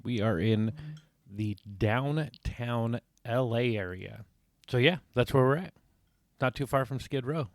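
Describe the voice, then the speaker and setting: A man's voice: medium pitch, measured pace, dry recording. A man co-hosting a casual true crime podcast with laid-back, joking banter, recording in a small hotel room. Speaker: podcast co-host.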